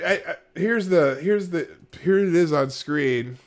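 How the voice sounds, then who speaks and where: A man's voice: on the high side, lively intonation, unhurried, no echo. A man hosting a casual live show, reacting to online posts with frequent exclamations and laughter. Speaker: host.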